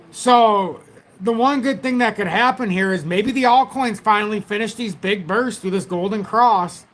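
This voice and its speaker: In a high, somewhat bright voice, a man runs a casual crypto livestream with market commentary. He rambles chattily, addressing his viewers directly through a tablet's built-in mic.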